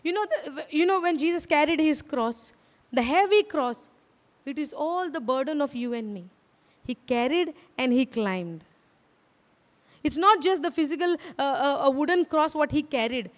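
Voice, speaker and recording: High-voiced woman preaching in a hall. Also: lively intonation, moderate pace. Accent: Indian English. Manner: earnest, repeats phrases, asks the audience questions. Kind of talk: sermon. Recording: hall reverb.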